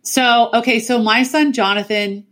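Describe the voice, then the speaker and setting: Animated middle-aged woman telling stories. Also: a little high, measured pace. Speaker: podcast guest. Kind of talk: casual storytelling chat. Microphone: remote call mic.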